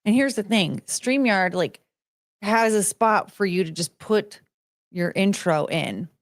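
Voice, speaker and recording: A woman's voice: medium pitch, lively intonation, unhurried, dry recording, clean studio sound. Chatty woman hosting a live stream. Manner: rambling, chatty, greets chat viewers by name. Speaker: livestream host. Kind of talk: casual live-stream chat.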